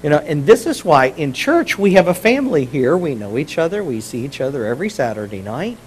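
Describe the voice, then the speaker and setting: Middle-aged male pastor, mid-high voice, conversational sermon, joking with the congregation. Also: big pitch swings, fairly quick, slight background noise, low-quality recording. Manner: conversational, jokey preaching.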